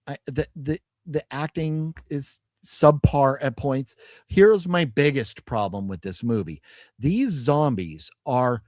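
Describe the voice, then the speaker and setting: A man's voice: medium pitch, a little mellow, no echo, studio quality. A man co-hosting a podcast, chatting casually about a movie with rambling restarts and laughs. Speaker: podcast co-host. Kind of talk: casual movie review chat.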